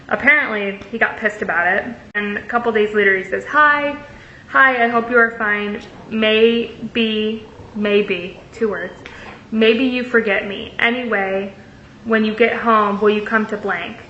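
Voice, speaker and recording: A woman's voice: mid-range voice, fairly even intonation, unhurried, sharp tone. A young woman in a casual storytelling vlog, reading out messages with sarcastic asides. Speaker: vlogger. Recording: echoey room, dull lo-fi sound, faint hiss.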